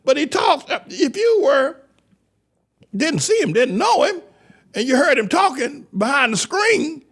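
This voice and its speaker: Gravelly, animated man preaching commentary. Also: very high-pitched, a little slow. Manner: stammering, repetitive, laughing, loud outbursts. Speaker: church pastor and commentator. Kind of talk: animated sermon-style commentary.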